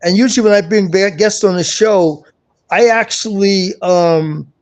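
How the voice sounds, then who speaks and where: A man's voice: high voice, unhurried. A man hosting a live online show, talking casually and insistently, repeating himself and restarting his sentences. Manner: repetitive, insistent, restarts often. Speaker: show host. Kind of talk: casual live-stream chat.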